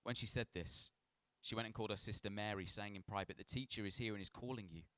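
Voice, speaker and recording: A male pastor with a lower voice that sounds smooth and resonant, reading scripture and preaching. He talks in an easy, conversational way, telling stories at his own expense and tripping over words now and then. The sound is close and dry, with no room echo. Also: fast talker, a bit bright. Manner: conversational, self-deprecating storytelling with stumbles.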